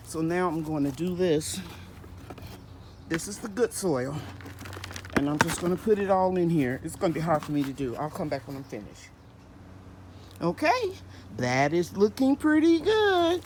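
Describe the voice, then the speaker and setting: A woman's voice: sits low, darkish tone, slight background noise, low-quality recording. A woman hosting a gardening vlog outdoors in her home garden, chatting and explaining each step as she works. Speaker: gardening channel host. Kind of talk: casual vlog narration.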